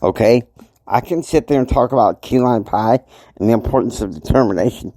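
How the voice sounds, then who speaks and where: A man's voice: mid-range voice, brisk, dark tone, no echo. A man hosting a self-help show, talking casually and motivationally in a rambling way, often checking in with the listener. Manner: rambling, keeps checking in with "okay?".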